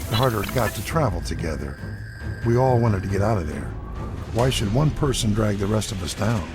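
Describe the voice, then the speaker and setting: A man narrating a grim story in a game, slow and weary. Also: on the low side, lively intonation, natural voice. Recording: music behind narration.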